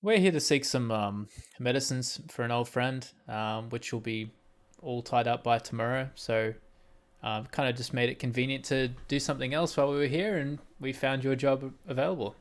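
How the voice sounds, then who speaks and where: A man's voice: mid-range voice, moderate pace. A man playing a tabletop game, answering in character in an easygoing, casual way. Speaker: player. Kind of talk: casual chat, tabletop role-play.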